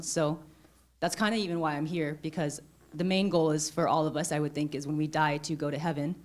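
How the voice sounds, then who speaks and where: A woman's voice: sits low, fairly even intonation, brisk, darkish tone. Hesitant, rambling woman congregant. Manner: hesitant, rambling, many fillers. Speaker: congregant asking a question.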